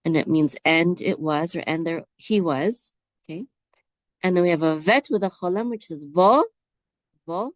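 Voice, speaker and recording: A woman teaching biblical Hebrew word by word, slowly sounding out letters and asking listeners to repeat after her. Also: fairly low pitch, no room sound. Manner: slow, drawn-out repetition, prompting listeners to say words back. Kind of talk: slow, patient word-by-word Hebrew lesson.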